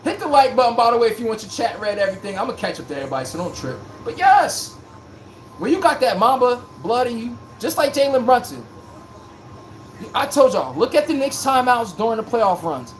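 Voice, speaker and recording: A man with an extremely high-pitched voice hosts a live-streamed basketball talk show, speaking briskly over slight background noise. He's blunt, animated, and slangy, talking straight to his chat and answering it.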